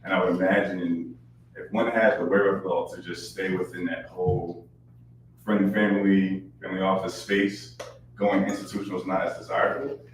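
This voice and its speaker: Audience member, very low male voice, tentative phrasing, distant and cavernously echoey. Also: flat delivery, moderate pace. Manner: hesitant, searching for words. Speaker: audience member asking a question. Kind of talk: question from the audience. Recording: very echoey room, distant mic, faint ambient noise.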